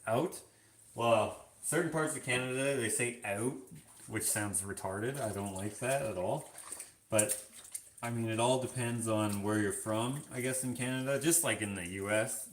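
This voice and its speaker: This vlogger's voice is on the low side and a bit bright, with a slight hiss or hum in the recording. He reads viewer comments aloud during a live stream and answers them casually, padding his replies with filler as his voice echoes around the room.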